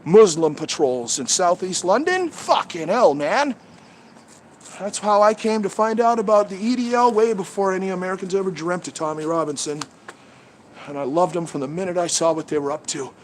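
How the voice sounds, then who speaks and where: A man's voice: high voice, normal speed, a little hiss or hum. A man hosting a livestream outdoors among trees, talking through a head-mounted camera in a profane, heated, rambling rant. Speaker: livestream host.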